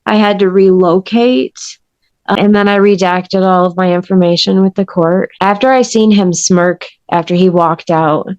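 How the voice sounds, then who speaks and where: A woman with a fairly low voice recounts her story to an interviewer with earnest intensity. Her speech is conversational and emphatic. The sound is close and dry, with no room echo. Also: steady tone, normal speed, darkish tone, lo-fi sound. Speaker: podcast guest.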